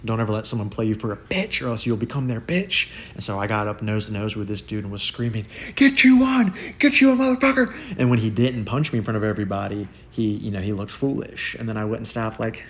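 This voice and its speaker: Slangy young man with a gravelly voice. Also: on the low side, quick pace, hardly any pauses, a little hiss or hum. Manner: slangy, animated, acts out quotes in shifting voices. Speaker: content creator telling life stories. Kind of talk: casual storytelling monologue.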